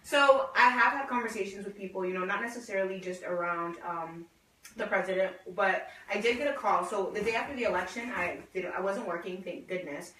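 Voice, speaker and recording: Animated woman telling workplace stories. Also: medium pitch, fairly quick, slight background noise. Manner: animated storyteller, acts out quoted dialogue. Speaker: panelist. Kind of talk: casual panel discussion. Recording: echoey room, mic far off.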